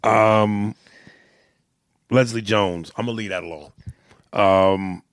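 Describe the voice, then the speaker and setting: A man's voice: fairly low pitch, fairly even intonation, slow, no echo, studio quality. A man co-hosting a casual podcast, joking loosely and swearing often while he reads listener mail. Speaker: podcast co-host.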